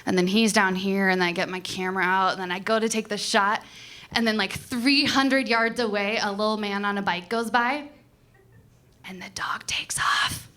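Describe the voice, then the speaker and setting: A young adult woman doing a stand-up comedy set on a comedy club stage, telling a story and putting on lively voices for the people in it. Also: medium pitch, normal speed. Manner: storytelling, animated character voices.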